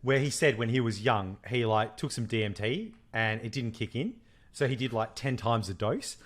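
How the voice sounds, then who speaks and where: A young man co-hosting a casual podcast. His voice sits at an ordinary middle pitch. He tells jokes with animation and laughs often as he talks. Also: lively intonation, normal speed. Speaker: podcast co-host. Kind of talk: casual chat.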